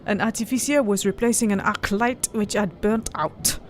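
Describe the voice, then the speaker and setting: A woman's voice: mid-range voice, measured pace. A woman hosting a let's play, reading the game's story text aloud and chatting, often breaking into laughter. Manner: giggly, breaks into laughter, tries silly voices. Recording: faint background noise.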